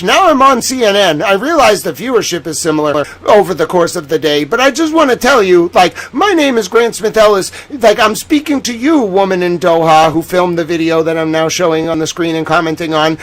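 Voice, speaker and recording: A man's voice: high-pitched, expressive, a little fast, hardly any pauses, fairly bright tone, low-quality recording. A man hosting a livestream, giving agitated, ranting commentary on the news. He swears and fills his talk with "like.".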